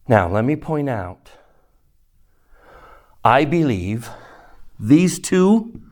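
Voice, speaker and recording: A man teaching a devotional lesson to a class, speaking slowly and deliberately and sometimes dropping to a hushed near-whisper for emphasis. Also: medium pitch. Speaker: religious teacher.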